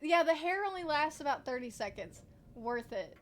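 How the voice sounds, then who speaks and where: A woman's voice: high voice, sing-song, moderate pace. A young woman streaming a game, chatting casually, giggling and swearing often. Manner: giggly, swears a lot, reads game text aloud. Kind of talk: casual gameplay commentary.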